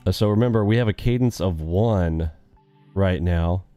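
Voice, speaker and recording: Mellow upbeat man streaming his trades. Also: deep voice, moderate pace, muffled recording, soft background music. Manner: upbeat, quizzes chat, repeats catchphrases. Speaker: day trading live streamer. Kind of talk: live trading stream commentary.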